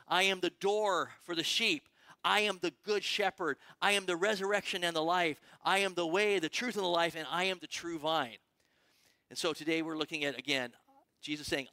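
A man's voice: sits high, pushed and bright, no echo. A male pastor preaching a conversational, emphatic sermon, often restarting his phrases. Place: church sanctuary.

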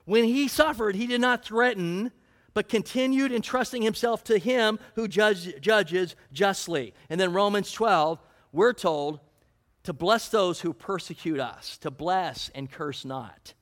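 Pastor, man, high pitch, earnest sermon delivery full of scripture quotes. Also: unhurried, fairly bright tone. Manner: earnest preaching, quoting scripture, asking the congregation questions.

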